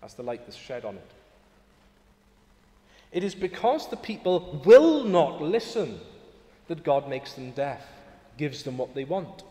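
A man's voice: fairly high pitch, very animated, a little slow, long pauses, mellow. A man preaching a sermon in a church, earnest and emphatic, often rising to exclamations. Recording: echoey hall with long reverb.

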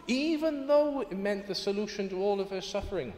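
A man's voice: high-pitched, very animated, normal speed, a little mellow. A man preaching a sermon in a church, earnest and emphatic, often rising to exclamations. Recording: echoey hall with long reverb.

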